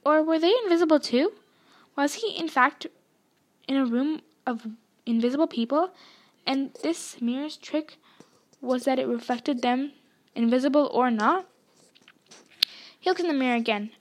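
Woman narrator, high voice, expressive audiobook-style storytelling. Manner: expressive storytelling, voicing dialogue. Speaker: reader. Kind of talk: reading a novel aloud.

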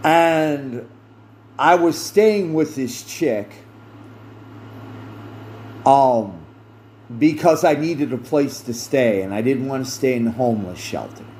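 A middle-aged man speaks slowly and deliberately, his fairly high voice rising and falling a great deal. He tells a personal story with earnest emphasis, repeating phrases to drive a point home. A faint air-conditioner hum sits behind him. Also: lively intonation, a little mellow. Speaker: podcast host.

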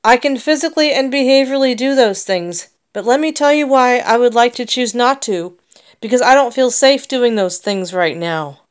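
A woman's voice: on the high side, expressive, moderate pace, clear, resonant tone. An American woman talking in a personal vlog monologue, emotional and rambling, with many restarts. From United States.

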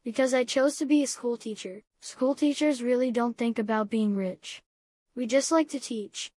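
A woman reading as a gentle schoolteacher father. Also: on the high side, normal speed, no echo, lightly acted. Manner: calm, kindly encouraging.

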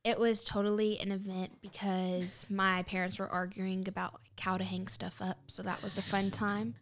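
A woman co-hosting a casual podcast, relaxed and easygoing. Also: medium pitch, moderate pace, a little hiss or hum. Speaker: podcast co-host.

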